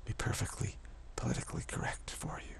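A man giving a rambling spiritual monologue, halting and repetitive, sometimes dropping to a whisper. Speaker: spiritual vlogger.

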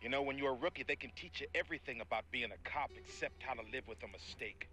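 An actor playing a gentle, regretful male cop, talking in a quiet, confessional way. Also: medium pitch, fast talker, faint music behind, lightly acted. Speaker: cop in a film.

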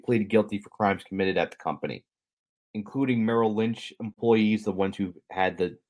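On a podcast, a young male co-host with a lowish voice works his way through a story, rambling and correcting himself while tossing in dry jokes. The talk is casual and explanatory.

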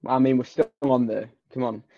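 A man's voice: medium pitch, steady tone, moderate pace, creaky, highs cut off. A Scottish man, a wrestler, chatting as a podcast guest in a playful, mock-indignant, rambling way. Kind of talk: casual podcast chat.

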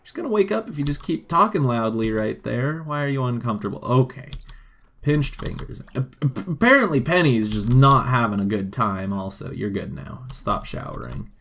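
Animated joking gamer guy. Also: mid-range voice, moderate pace, creaky, slight background noise. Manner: animated, joking, talks to the game characters. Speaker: gaming video host. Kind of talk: casual let's-play commentary.

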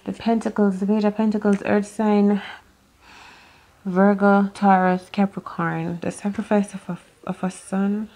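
Lady rambling thru a tarot reading, swears a lot, thinks out loud, gets kinda intense. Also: medium pitch, level tone, unhurried. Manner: rambling, profane, musing aloud. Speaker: tarot reader. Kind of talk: unscripted tarot reading to camera.

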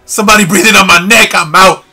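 A man doing let's play commentary on a horror game, swearing constantly in slang and yelling when he panics. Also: high-pitched, steady tone, quick pace, gravelly, slightly rough, soft background music. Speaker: gamer playing a horror game.

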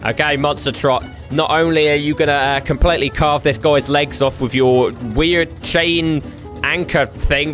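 A young man doing lively gameplay commentary, trash-talking with slang and laughing often. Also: a little high. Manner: rowdy, jokey trash-talk with slang and frequent laughter. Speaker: gaming YouTuber.

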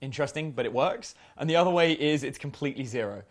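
Lively chatty man coaching. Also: medium pitch, quick pace. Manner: chatty, uses many fillers and acted quotes. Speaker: dating coach. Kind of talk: casual seminar talk.

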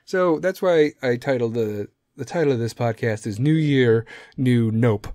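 A middle-aged man hosts his own podcast, talking alone in a loose, rambling rant full of swearing. His voice sits at an ordinary middle pitch. The sound is dry and close, with no room echo. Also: a little slow, dark tone. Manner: profane, rambling, goes off on tangents. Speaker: podcast host. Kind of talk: casual solo podcast rant.

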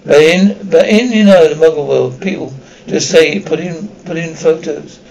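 A man's voice: fairly high pitch, moderate pace, vocal fry, a little mellow, rough recording. A man voicing an earnest, curious schoolboy wizard in an audiobook reading.

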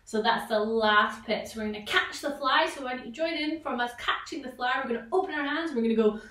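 Bright-voiced woman leading a vocal warm-up. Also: high-pitched, fast, distant mic. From Scotland. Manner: encouraging, leads sound games with sudden loud exclamations. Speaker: vocal tutor for children. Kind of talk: online vocal warm-up lesson. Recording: echoey room, voice a little off-mic.

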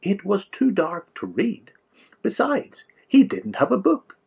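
Male kids' storyteller, playful and exaggerated. Husky, lively pitch. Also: slow, highs cut off. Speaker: children's storyteller. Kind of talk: storytelling for children.

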